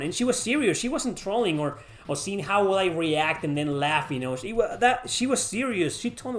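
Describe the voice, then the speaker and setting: A man's voice: sits high, animated, a little fast, few pauses. Rambling, cussing male streamer. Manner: rambling, swears freely. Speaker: streamer answering chat. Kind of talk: casual livestream Q&A.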